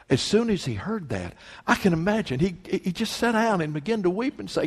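A man preaching a sermon as pastor, reading scripture aloud with fervent emphasis that swells to near-shouting. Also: a little high, big pitch swings, moderate pace, slightly rough. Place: church sanctuary. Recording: long hall reverb.

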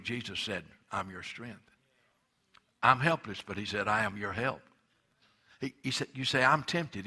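A man preaching a sermon as pastor, emphatic, with dramatic pauses and quoted dialogue. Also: mid-range voice, pushed and bright, husky.

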